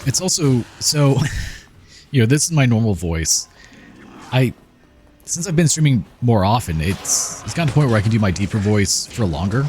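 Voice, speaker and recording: A man hosting a gaming channel, chatting in a relaxed, rambling way as he comments over gameplay. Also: mid-range voice, normal speed. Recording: game music playing behind. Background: game music.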